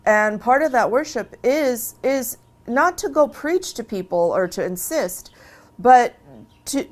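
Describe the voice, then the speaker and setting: A woman's voice: a little high, expressive, slow. A woman who converted to Islam tells her story in a casual interview, earnest and emphatic, often repeating a phrase for stress.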